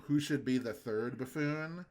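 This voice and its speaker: A man's voice: mid-range voice, a little slow, darkish tone. Laid-back young man, casual podcast chat. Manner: laid-back, quotes cartoon lines in funny voices. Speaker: podcast co-host.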